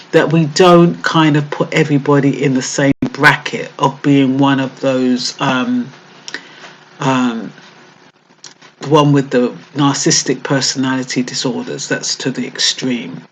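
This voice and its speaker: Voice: medium pitch, low-quality recording. Hesitant vlogger thinking aloud. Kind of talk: casual reflective monologue.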